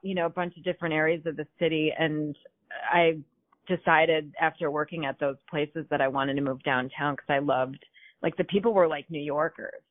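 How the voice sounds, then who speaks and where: A woman's voice: sits low, steady tone, normal speed, no echo. A guest chats about her business with a joking, loose manner. The recording is dry and thin, like a phone call. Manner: joking, chatty. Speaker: podcast guest, business owner. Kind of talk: casual interview. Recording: tinny phone-like sound.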